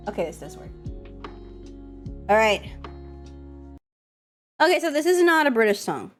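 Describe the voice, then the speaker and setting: A woman streamer with a cold, chatting casually and excitably with her chat, swearing and scolding them playfully. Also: fairly high pitch, unhurried, pauses often, soft background music. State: has a cold, coughing.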